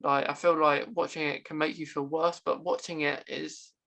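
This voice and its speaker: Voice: mid-range voice, little pitch movement, moderate pace, vocal fry, a bit bright. A podcast host in casual conversation, listening supportively and agreeing often.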